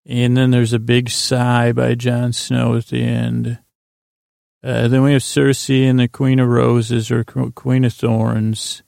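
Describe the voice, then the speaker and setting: A man rambles through a TV episode recap in a low-key mumble, stopping and restarting his sentences. His voice is very gravelly and stays on a flat, even pitch. The sound is dry and close, with no room echo. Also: measured pace. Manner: rambling and meandering, many fillers and restarts. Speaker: podcast host recapping a TV episode. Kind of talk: casual sleepy recap, paraphrasing scenes.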